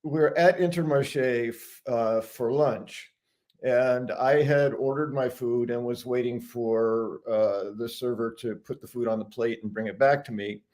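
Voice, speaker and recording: A man's voice: mid-range voice, steady tone, a little slow, a little mellow. Chatty older American man telling a story. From United States. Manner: chatty, self-deprecating, amused, many restarts. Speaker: regular guest. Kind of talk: casual storytelling.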